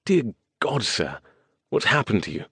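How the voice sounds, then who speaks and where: A man's voice: lowish voice, big pitch swings, unhurried, breathy edge, no room sound, clean studio sound, exaggerated voice. A man narrating an audiobook and voicing an old male butler, formal and deferential, addressing his master as sir. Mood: concerned. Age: older.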